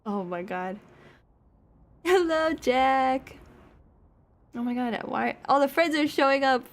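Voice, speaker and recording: A young woman VTuber streams a game, chatting casually, swearing, laughing and yelping when startled. Her voice is fairly high with lively intonation and a fairly quick pace.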